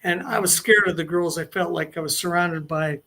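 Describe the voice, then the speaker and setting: A man's voice: on the high side, moderate pace, sharp tone. An older man telling long anecdotes as an interview guest, rambling and restarting his sentences. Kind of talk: casual storytelling interview.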